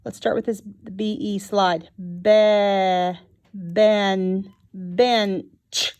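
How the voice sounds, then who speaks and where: Slow-spoken woman teaching phonics. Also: medium pitch, level tone, darkish tone. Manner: slow and clear, sounding out words. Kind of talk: phonics lesson for young children.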